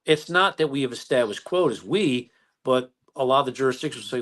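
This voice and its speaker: A middle-aged American man, a police chief, telling work stories in a folksy, animated way during an interview. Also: mid-range voice, a little fast. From United States. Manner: folksy, animated retelling with acted-out quotes. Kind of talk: conversational storytelling interview.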